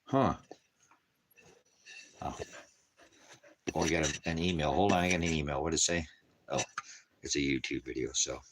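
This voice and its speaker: A man's voice: very deep voice, normal speed, long pauses. A man hosting a rambling casual livestream, joking crudely and talking baby talk to his dogs at home. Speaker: livestream host.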